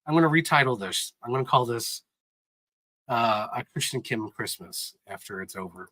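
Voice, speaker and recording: A man chatting casually on a live stream, excitedly recapping movies in a rambling, sentimental way. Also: mid-range voice, brisk, no echo, poor audio. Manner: sentimental, gets choked up.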